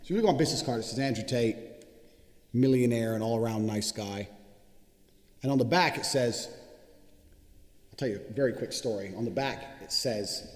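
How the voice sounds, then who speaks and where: A man giving an unscripted motivational talk as a course instructor, swearing often and boasting as he tells stories. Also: mid-range voice. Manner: profane, boastful, rapid storytelling. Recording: echoey room with long reverb.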